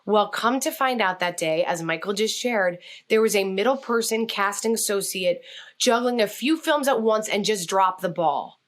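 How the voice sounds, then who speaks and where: A woman telling a story as a guest on a podcast interview, speaking in an animated, expressive way. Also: medium pitch, normal speed. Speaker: guest, communication coach.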